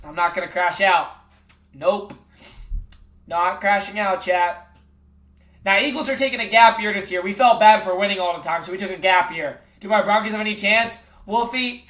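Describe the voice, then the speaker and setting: A man's voice: high-pitched, brisk, a bit bright, roomy sound. A man livestreaming, trash-talking sports picks in casual chat with his viewers and calling everyone bro.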